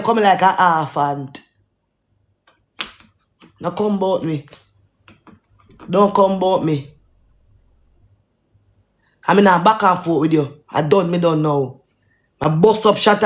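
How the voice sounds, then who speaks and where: A man with a Jamaican accent delivering a heated live-stream rant, taunting someone over and over in patois. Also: high voice.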